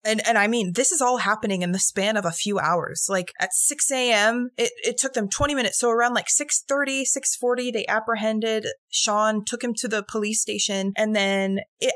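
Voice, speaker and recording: A woman's voice: mid-range voice, a bit bright, no echo, clean studio sound. A woman co-hosting a true-crime podcast, telling the case casually, acting out quotes and swearing. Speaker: podcast co-host.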